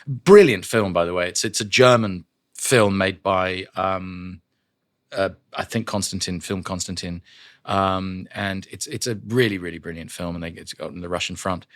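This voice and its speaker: Male voice actor guest, low voice, animated storyteller, dry studio sound. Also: normal speed, no echo. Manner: animated, acts out voices and shouts in his stories. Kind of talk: casual storytelling chat. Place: podcast studio.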